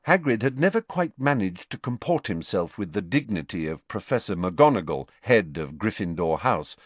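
Reading a novel aloud in scripted narration, a male audiobook narrator uses a voice on the low side. He tells the story in a measured, expressive way, and the recording is dry.

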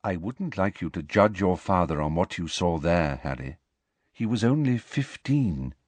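A man voicing a gentle, thoughtful grown man who speaks quietly and slowly. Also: medium pitch, expressive, no echo, pitched above the performer's own voice, lightly acted. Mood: measured. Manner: quiet, slow, measured.

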